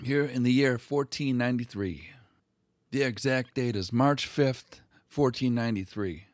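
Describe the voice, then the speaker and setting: A man's voice: medium pitch, measured pace, no echo, clean studio sound. A man hosting a history video, retelling old documents in a casual, crude and irreverent way.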